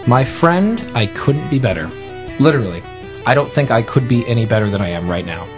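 A man's voice: lowish voice, expressive, quick pace, over music. A man co-hosting a casual podcast, joking with his co-host and reading listener emails aloud. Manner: playful, teasing, reads listener emails aloud. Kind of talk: casual chat.

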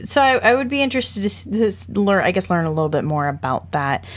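A woman co-hosting a casual podcast about a film, talking in an animated way with quick asides and frequent laughter. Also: mid-range voice. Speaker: podcast co-host.

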